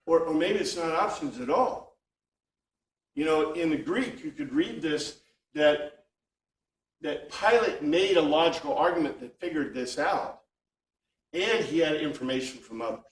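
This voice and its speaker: A man's voice: fairly high pitch, animated, unhurried. Man teaching a Bible class in an echoey room. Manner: thinking aloud, with many restarts. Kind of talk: informal Bible class lecture. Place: classroom with a small group. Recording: echoey room, speaker far from mic.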